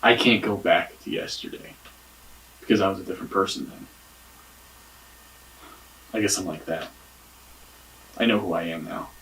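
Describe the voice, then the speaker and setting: A man's voice: low-pitched, normal speed, long pauses, fairly bright tone, recorded from a distance, slight background noise, poor audio. An actor playing a defensive man questioned by police in a mystery game, talking evasively and swearing. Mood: guarded. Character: defensive, guarded young man under police interrogation.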